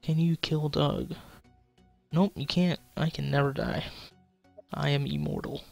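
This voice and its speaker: A man's voice: fairly high pitch, unhurried, gravelly, darkish tone, faint music behind. A young man giving casual gameplay commentary, swearing and joking as he plays. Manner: swearing, frustrated, joking, talking to chat. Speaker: gaming YouTuber.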